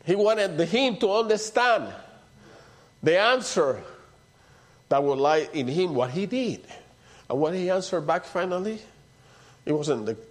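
A man preaching a sermon in a conversational way, dropping to soft low asides and rising for emphatic points. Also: expressive, a little slow, pauses often. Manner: conversational preaching with repeated "you know" and "see".

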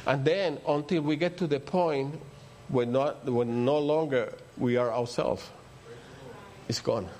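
A man's voice: medium pitch, a little slow, a little mellow. An older man with a Spanish accent, a native Spanish speaker, preaching a rambling, story-filled sermon that builds to emphatic peaks. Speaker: pastor.

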